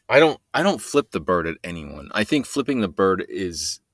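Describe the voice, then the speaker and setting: A man's voice: lowish voice, a bit bright, dry recording, studio quality. A man hosting a solo podcast, rambling and joking in a meandering way and trailing off mid-sentence. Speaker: podcast host.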